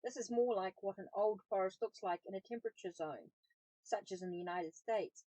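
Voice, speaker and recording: A woman's voice: mid-range voice, brisk, warm tone, no room sound, natural voice, rough recording. A woman reading aloud the lines of an earnest male forest researcher in his forties, explaining things patiently. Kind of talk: audiobook reading of dialogue.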